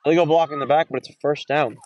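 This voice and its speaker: Recorded on a phone with dry, lo-fi sound, a young man races through play-by-play of an outdoor high school football game. His commentary is casual and rambling, full of self-corrections, and he gets excited on big runs.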